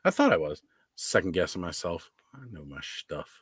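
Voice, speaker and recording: A man's voice: low-pitched, wildly swooping pitch, moderate pace, a bit bright, slightly rough, no room sound. A man hosting a podcast, chatting casually with joking, easygoing banter. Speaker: podcast host. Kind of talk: casual chat.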